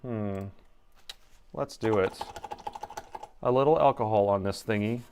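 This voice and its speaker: A man putting on a flat, slow, deadpan monotone voice as he narrates his repair work. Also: fairly low pitch, lo-fi sound, a little hiss or hum.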